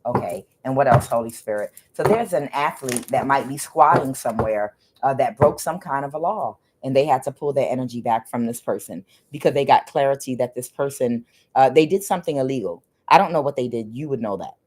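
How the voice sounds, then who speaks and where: A woman's voice: extremely low pitch, lively intonation, a little fast, background noise. A woman doing a casual tarot reading, hesitant and full of filler sounds, often repeating herself. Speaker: tarot reader.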